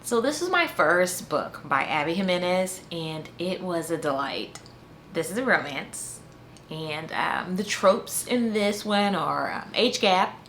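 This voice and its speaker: A woman's voice: on the low side, fairly bright tone, slight background noise. A woman giving a casual book review in a chatty way, full of fillers like "um" and "you know" and frequent restarts.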